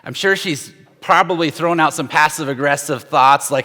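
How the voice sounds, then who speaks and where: A man's voice: fairly high pitch, fairly even intonation, normal speed, hardly any pauses, bright, forceful tone. A middle-aged man, a pastor, preaching a sermon in a loose, conversational way with frequent restarts and acted-out quotes. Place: church sanctuary with long reverb. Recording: long hall reverb.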